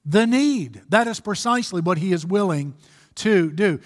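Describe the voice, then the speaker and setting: A man's voice: high-pitched, expressive, long reverb tail. A man preaching an emphatic sermon as a pastor, stretching out key phrases and pressing his points. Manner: emphatic, exhorting, drawn-out slow phrases.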